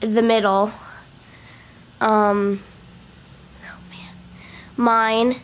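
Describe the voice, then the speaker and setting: A woman's voice: fairly high pitch, flat delivery, drawn-out words. A teenage girl vlogger who is losing her voice, rambling through a casual outro and poking fun at herself. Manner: chatty, rambling, self-mocking.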